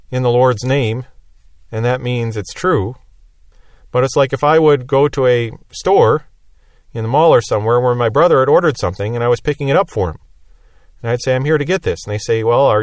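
A man's voice: mid-range voice, no echo, studio quality. A man teaching a Bible lesson verse by verse, explaining plainly and repeating key phrases.

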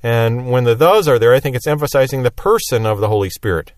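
A man's voice: mid-range voice, animated, quick pace, no room sound, clean studio sound. A man teaching a Bible lesson verse by verse, explaining plainly and repeating key phrases.

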